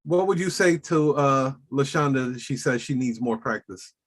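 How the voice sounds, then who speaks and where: A man hosting a casual coaching chat, speaking in a slow, deliberate and emphatic way. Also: medium pitch. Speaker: podcast host coaching notaries.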